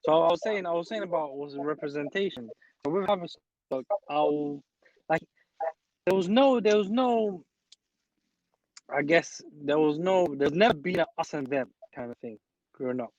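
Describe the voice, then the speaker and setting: Young man, earnest, stumbles and repeats as he thinks, slightly high voice, muffled audio. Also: normal speed, long pauses, a little mellow, no echo. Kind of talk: casual chat. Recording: dull dry audio.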